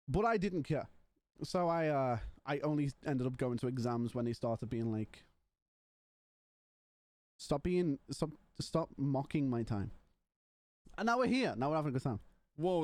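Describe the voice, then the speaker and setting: A man's voice: mid-range voice, lively intonation, moderate pace, no echo. A young man streaming live and chatting casually with his viewers, rambling and joking with some swearing.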